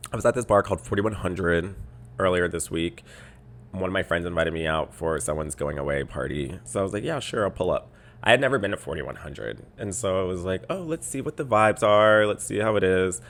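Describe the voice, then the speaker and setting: A man's voice: deep voice, moderate pace. A young man hosting a podcast, telling a story in a casual, exasperated rant. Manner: exasperated, animated storytelling with mocking quoted voices. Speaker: podcast host.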